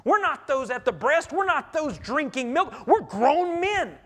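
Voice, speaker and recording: A man's voice: very high-pitched, very animated, a little slow, a bit bright, voice pushed up, exaggerated voice. A man preaching who voices proud grown men mocking a prophet in a sneering, raised voice.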